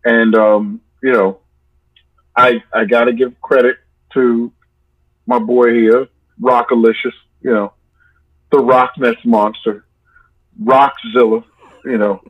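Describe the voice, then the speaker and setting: A man's voice: medium pitch, level tone, slow, long pauses, husky. A man guest on an interview, talking in a playful, rambling way and fond of joking nicknames. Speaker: musician guest. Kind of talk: casual interview chat. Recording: dull lo-fi sound.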